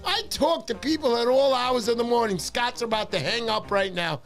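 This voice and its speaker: A man hosting a fishing livestream, talking fast and excitedly, shouting cheers and pitching memberships. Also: faint music behind. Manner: loud, hyped, shouting cheers. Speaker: livestream host. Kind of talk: excited casual livestream chat.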